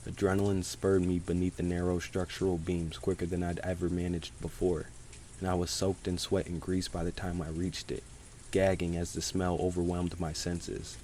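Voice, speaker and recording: A man reading a horror story aloud as scripted narration, measured and grave. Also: sits low, dark tone, a little hiss or hum. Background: rain sounds.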